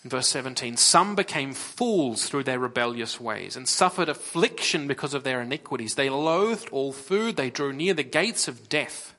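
Earnest Australian preacher with bright tone. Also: male voice, expressive, normal speed, hardly any pauses. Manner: earnest, swings from loud emphasis to near-whispered lows. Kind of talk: sermon.

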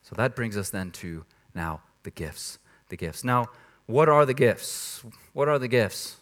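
A man's voice: medium pitch, animated, a little slow, fairly bright tone. A man preaching a sermon in a church, talking in a conversational, emphatic way and laughing at himself now and then. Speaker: pastor.

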